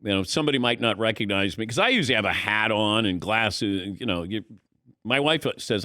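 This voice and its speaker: Speaking at a fairly low pitch and a brisk pace, a sports talk radio host tells an animated story in casual conversation, voicing the dialogue himself. The sound is dry and clean, recorded on a studio microphone.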